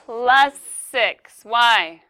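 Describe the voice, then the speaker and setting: A woman's voice: a little high, animated, very slow, bright, forceful tone, smooth. A woman teaching a classroom math lesson, playful and joking with her students as she works a problem.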